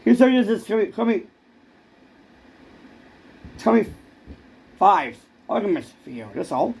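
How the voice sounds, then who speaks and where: A man's voice: high-pitched, big pitch swings, takes it slowly, gravelly, a little mellow, slightly rough. A man in a rambling comic monologue who stammers and keeps repeating words.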